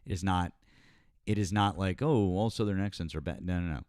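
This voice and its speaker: Guy hosting a politics stream, kinda low voice, swears a lot, dry close sound. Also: brisk, darkish tone, no room sound. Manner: blunt, profane, rambling with fillers. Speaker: live stream host. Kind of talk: casual political chat with callers.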